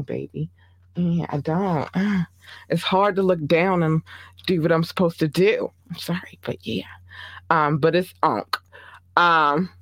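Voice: mid-range voice, no room sound. Chatty podcast host with a Baltimore accent. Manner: rambling, chatty, many fillers and asides. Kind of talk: casual podcast chat.

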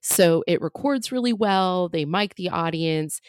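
Comedian lady rambling thru a story on a podcast, kinda low voice, lots of "like", dry close sound. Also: unhurried, clear, resonant tone, no room sound. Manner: chatty, filler-heavy, jokey asides. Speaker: comedian guest.

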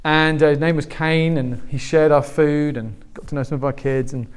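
Clear and resonant, his voice is a little high, and he talks at normal speed. He is a forties-aged pastor giving a sermon, narrating stories animatedly and performing the quoted voices.

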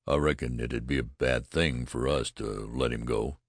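A man reading a gruff, hot-tempered frontier trapper with a folksy drawl in an audiobook. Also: rumbling low, moderate pace, no room sound, studio quality, voice pushed down, heavily acted.

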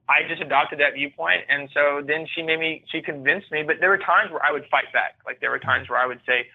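A man's voice: a little high, a little fast, gravelly, few pauses, breathy edge. A man, a podcast guest, telling his own story in an earnest, candid and reflective way. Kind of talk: personal storytelling. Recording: tinny phone-like line.

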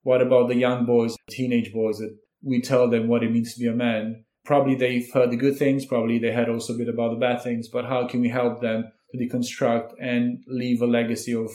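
A man who works as a therapist, a guest speaking in a measured, reflective and gentle way. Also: medium pitch, little pitch movement. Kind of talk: calm conversational interview. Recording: roomy, echoey sound.

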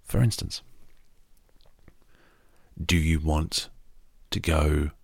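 An Australian man hosting a sleep podcast, talking slowly and softly, often dropping to a half-whisper. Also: very deep voice, gravelly, slightly rough, no room sound. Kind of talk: soft-spoken sleep podcast talk.

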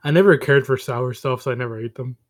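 A man's voice: mid-range voice, quick pace. A man co-hosting a casual podcast, teasing a friend, laughing often and swearing casually. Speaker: podcast co-host.

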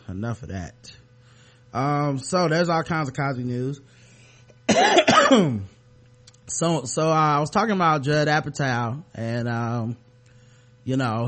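A man's voice: mid-range voice, a bit bright. A man hosting a podcast in a loose, rambling way, full of ums and you-knows. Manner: rambling, lots of fillers, laid-back. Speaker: podcast host. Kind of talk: casual podcast chat.

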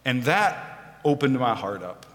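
A man's voice: mid-range voice, very animated, unhurried, a bit bright, in a large hall. A man preaching a sermon, telling a personal story with self-deprecating humor.

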